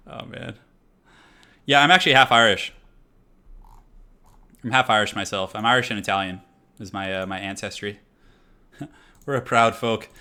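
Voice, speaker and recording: A man streaming a strategy game, talking easily through his choices and breaking into quick laughs. His tone is bright and a little forceful, in a mid-range voice. He keeps it loose and conversational throughout. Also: mid-range voice. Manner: chatty, thinks aloud, laughs often. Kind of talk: casual live-stream commentary.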